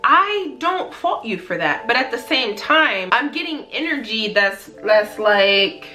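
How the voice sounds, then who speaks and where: A woman's voice: a little high, sing-song, a little slow, pushed and bright. A woman vlogger speaking to her viewers in an earnest, emphatic motivational talk, repeating phrases for emphasis. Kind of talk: heartfelt motivational talk to camera.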